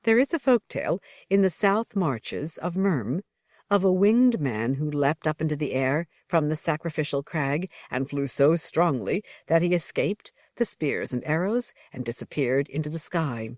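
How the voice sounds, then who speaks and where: Measured, dry-voiced storybook narrator. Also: mid-range voice, a little mellow, no echo. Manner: measured, unhurried reading in short phrases. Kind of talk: scripted narration of a fantasy text.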